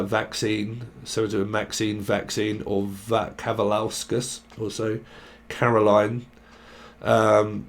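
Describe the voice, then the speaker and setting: Gravelly man doing tarot. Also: on the low side, darkish tone. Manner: rambling word association, frequent swearing and laughs. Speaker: tarot reader. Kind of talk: casual channelled tarot reading.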